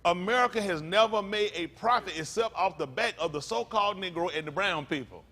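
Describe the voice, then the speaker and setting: A male pastor preaching a sermon to his congregation, fiery and slangy, firing rhetorical questions at the room and swinging from low mutters to sudden loud bursts. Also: fairly quick.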